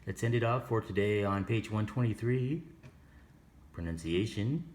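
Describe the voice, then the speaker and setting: A man's voice: on the low side, normal speed, a little mellow. A man teaching an English lesson, explaining grammar and pronunciation step by step and asking the class questions.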